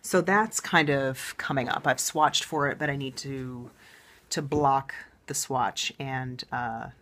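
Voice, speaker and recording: A woman with a low-pitched voice hosts a knitting show in a relaxed, chatty way. She sounds enthusiastic and talks as if thinking aloud, with frequent ums and restarts. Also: slow pace. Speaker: knitting podcast host. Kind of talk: casual show-and-tell chat.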